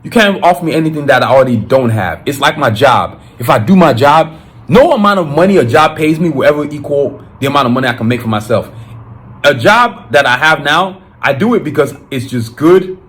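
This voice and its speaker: A man's voice: fairly high pitch, expressive, brisk, fairly bright tone. A man with a Nigerian accent, hosting his podcast in an emphatic, fired-up solo monologue with frequent restarts. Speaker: podcast host.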